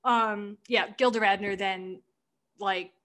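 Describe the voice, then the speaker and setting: A woman's voice: mid-range voice, fairly even intonation, slow pace, fairly bright tone. A woman in casual podcast chat, rambling through a sketch recap, swearing freely and acting out quoted lines. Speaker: podcast co-host.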